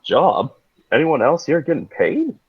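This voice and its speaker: A man reading his part in a fan script with a sarcastic, animated delivery. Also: on the high side, unhurried, husky. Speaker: co-reader. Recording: muffled lo-fi mic.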